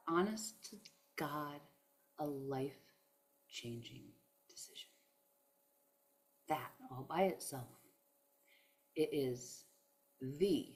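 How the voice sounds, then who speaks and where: A woman with a low voice speaks slowly in a heartfelt spiritual self-help monologue. She is emphatic and preachy, and emotion shows through her words as she addresses listeners as "y'all.".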